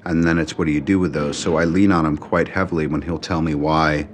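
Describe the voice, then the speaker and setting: An American actor in a making-of interview, talking in a relaxed, reflective way. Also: male voice, extremely low pitch, fairly quick, slight background noise.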